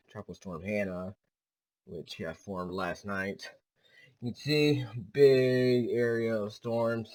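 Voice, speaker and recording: A man's voice: fairly low pitch, darkish tone, rough recording. A young man casually talking through storm maps for his weather video, loose and rambling with many filler words. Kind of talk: casual weather briefing over screen maps.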